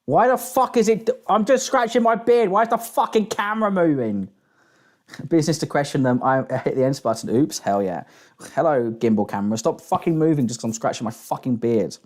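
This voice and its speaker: Chill guy streaming, reads chat out loud, curses a bunch. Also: a little high, lively intonation, fairly quick. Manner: laid-back, swears while reading chat aloud. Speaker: streamer reacting to clips. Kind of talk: casual live-stream chat.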